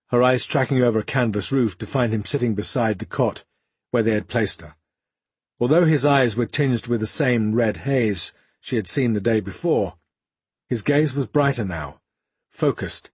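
A man narrating an audiobook in a steady, even storytelling manner. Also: mid-range voice, husky, dry recording. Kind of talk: scripted narration.

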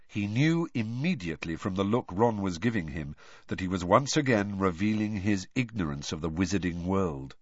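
A man reading a story aloud in a measured, expressive way. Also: low voice, dry recording. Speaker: audiobook narrator. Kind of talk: storybook narration. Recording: dull lo-fi, dry.

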